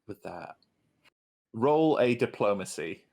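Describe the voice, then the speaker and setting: A man's voice: on the low side, very animated, takes it slowly, a little mellow. A man running a tabletop game as game master, describing scenes hesitantly with many ums and uhs.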